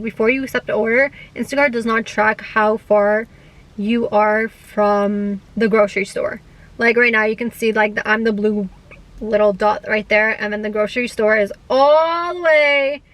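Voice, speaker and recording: A woman's voice: medium pitch, rough recording. A young woman, chatting casually to camera as a vlogger and filling her talk with "like" while telling stories with animation. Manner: chatty, heavy use of "like" fillers; animated storyteller. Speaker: gig-work vlogger.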